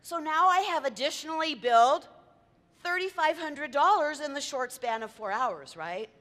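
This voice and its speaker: Female speaker, high and bright, chatty talk to a meeting crowd, hall reverb. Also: lively intonation, moderate pace. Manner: chatty, quizzes the audience, tells anecdotes. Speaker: event planner giving a talk. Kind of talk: lively presentation to a live audience. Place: meeting room with audience.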